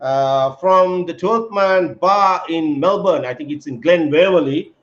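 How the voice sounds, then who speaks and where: A man's voice: a little high, measured pace. A man hosting a casual live-stream chat, talking with lots of fillers and calling his guest mate. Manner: chatty, many fillers, calls guest mate. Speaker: host. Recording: echoey, dull lo-fi audio.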